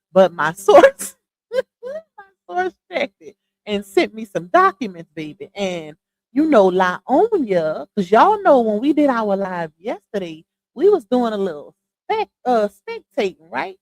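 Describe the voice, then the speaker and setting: A woman's voice: on the high side, very animated, unhurried, darkish tone, poor audio. A woman hosting a casual livestream, chatty and slangy, greeting viewers one by one and laughing easily. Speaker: livestream host.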